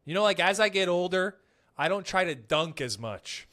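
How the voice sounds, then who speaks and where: A young man hosting a casual podcast, telling stories in an animated, profane way. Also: high-pitched, moderate pace. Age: young adult. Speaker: podcast host; comedian.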